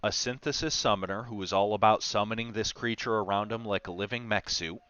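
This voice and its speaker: Smooth low-voiced man, chatty streamer. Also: a little fast, bright, forceful tone, no room sound, lo-fi sound. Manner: chatty, storytelling, wry asides. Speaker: game master streaming a talk on game design. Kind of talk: casual livestream talk.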